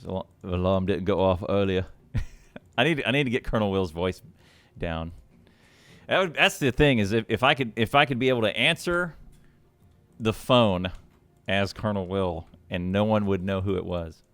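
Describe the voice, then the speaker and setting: A man hosting and casting a game match on a live stream, chatty and quick to laugh. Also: lowish voice, fairly bright tone, dry recording. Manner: chatty, with lots of laughs and restarts. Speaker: shoutcaster and match host. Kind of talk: casual live stream talk.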